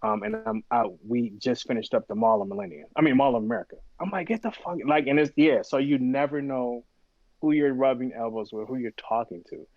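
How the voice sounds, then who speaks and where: A man appears as a podcast guest in a casual storytelling interview, animatedly acting out the voices of the people in his stories and swearing freely. His voice is medium-pitched and fairly quick. The recording is dry and dull.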